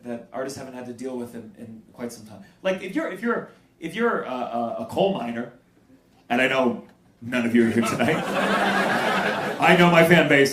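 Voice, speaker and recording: A man doing stand-up crowd work, stammering through restarts before loud punchlines. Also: mid-range voice. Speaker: stand-up comedian. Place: live comedy club with audience. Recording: roomy live club, crowd noise. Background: audience laughter.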